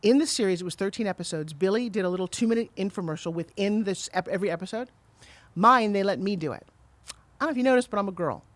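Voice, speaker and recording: A middle-aged woman talks very quickly as a guest on a podcast. She tells her story with energy and acts out the voices of the people in it. Her voice sounds close and dry. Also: medium pitch, dry recording. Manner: fast, animated storyteller who acts out quotes. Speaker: guest, TV pitch saleswoman.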